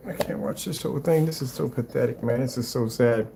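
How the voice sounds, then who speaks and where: A man reacting to a rival's screen paint video with mocking, exasperated commentary, swinging between loud outbursts and low muttering. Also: a little fast, gravelly, slight background noise.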